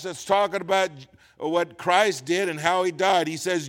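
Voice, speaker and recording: A man preaching a sermon as pastor, reading scripture slowly and swinging between loud emphatic lines and quiet asides. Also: sits high. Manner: reads scripture slowly with stress.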